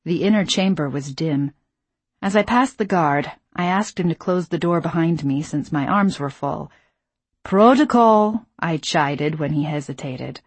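A woman narrating a first-person novel in a measured voice, dropping to whispers in tense moments. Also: lowish voice, darkish tone, breathy edge, dry recording. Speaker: audiobook narrator.

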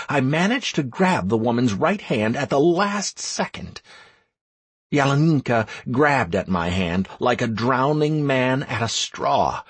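Male audiobook narrator, husky, lively pitch, dry close studio sound. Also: no room sound. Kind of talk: first-person fantasy game audiobook narration.

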